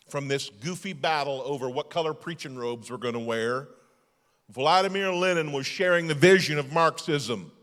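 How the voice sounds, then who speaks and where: A male lead pastor preaching a sermon emphatically, moving between loud declarations and hushed passages. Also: on the high side, long reverb tail. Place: church sanctuary.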